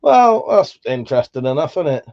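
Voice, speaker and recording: A man with a Buckinghamshire accent hosting a livestream, reading out chat in a relaxed, sweary way, laughing often, his voice slightly worn. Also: fairly high pitch, fairly quick, creaky, highs cut off. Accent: Buckinghamshire English. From England. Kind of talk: casual chat.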